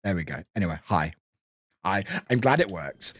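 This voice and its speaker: A man's voice: low-pitched, animated, moderate pace, no echo, clean studio sound. A man from the UK streaming a game, chatting casually, laughing and swearing as he plays. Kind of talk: casual live-stream commentary.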